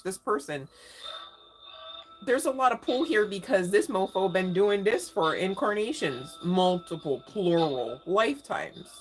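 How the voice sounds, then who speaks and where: A woman giving a casual live tarot reading, slangy and emphatic, talking straight to her viewers. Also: fairly low pitch. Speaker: tarot reader. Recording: faint music in background.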